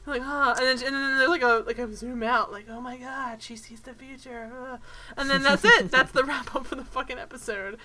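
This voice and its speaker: High bright ranting woman. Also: moderate pace. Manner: animated, ranting, swears a lot, laughs often. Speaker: podcast co-host. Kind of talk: casual chat.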